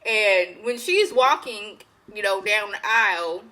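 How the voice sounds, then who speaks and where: A woman's voice: mid-range voice, slow, bright, forceful tone, poor audio. A woman giving a chatty, rambling, opinionated recap as a show reviewer. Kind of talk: casual recap.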